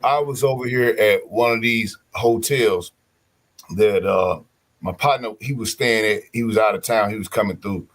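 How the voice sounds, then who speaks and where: A man telling stories in casual podcast chat, animated, slangy and profane. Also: fairly low pitch, moderate pace.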